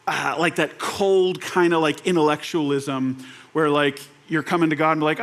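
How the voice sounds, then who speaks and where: A young man preaching a conversational sermon, animated and relaxed, slipping into quoted voices and laughing now and then. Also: a little high, normal speed. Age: young adult. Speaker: pastor.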